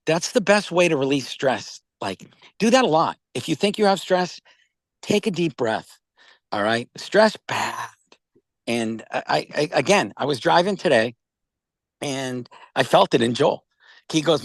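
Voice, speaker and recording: A man's voice: on the high side, lively intonation, normal speed, no room sound. An older man, casually telling rambling stories on a video call and often checking in with "okay?". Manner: rambling storyteller, repeats words, says "okay?" and "all right?" often. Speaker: company founder pitching wellness products.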